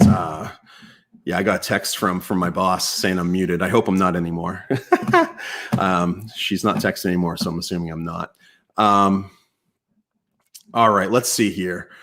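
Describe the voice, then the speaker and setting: A man with a low, deep voice hosts a casual live Q&A stream. He talks in a chatty, relaxed way, full of ums, uhs and restarts, speaking into a desk mic indoors. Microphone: external mic at home computer.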